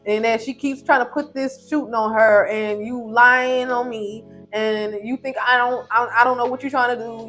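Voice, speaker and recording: Animated woman recapping a show. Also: a little high. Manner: animated, opinionated, slangy. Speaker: TV show reviewer. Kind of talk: casual recap commentary.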